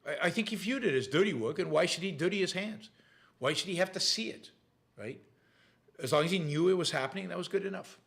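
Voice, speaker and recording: A man's voice: high voice, expressive, fast, creaky, fairly bright tone. A man with a noticeable accent hosting a casual question-and-answer show, reading viewer questions aloud and answering them with frequent restarts and fillers. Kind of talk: casual live Q&A talk.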